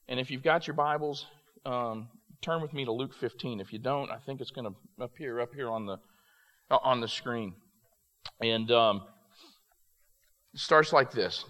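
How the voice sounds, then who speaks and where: A man giving a storytelling sermon, animated and prone to quick restarts. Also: medium pitch. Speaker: youth ministry speaker.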